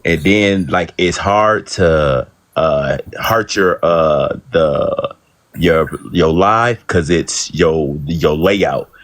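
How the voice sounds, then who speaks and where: A man calling into a live stream, talking casually and haltingly with many fillers. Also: deep voice, fairly bright tone. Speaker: live stream guest caller.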